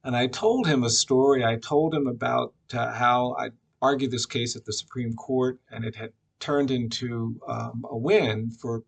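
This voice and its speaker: A man giving a reflective personal tribute at a memorial, telling a story with frequent pauses and fillers. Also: medium pitch, gravelly. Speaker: memorial speaker.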